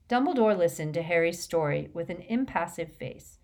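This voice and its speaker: A woman reading an audiobook with steady, expressive narration. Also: on the low side, moderate pace, hardly any pauses.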